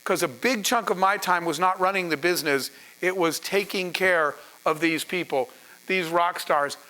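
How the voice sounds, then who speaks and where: A middle-aged man giving a business masterclass, telling anecdotes and acting out the dialogue in a lively way. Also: high-pitched, normal speed, rough recording. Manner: animated, acts out dialogue in anecdotes. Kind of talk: storytelling business talk.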